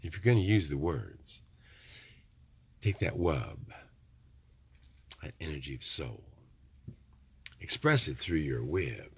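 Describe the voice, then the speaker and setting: A man's voice: very deep voice, very animated, slow pace, long pauses, slightly rough. A middle-aged man, rambling in a folksy, preachy vlog monologue with joking asides. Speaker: vlogger.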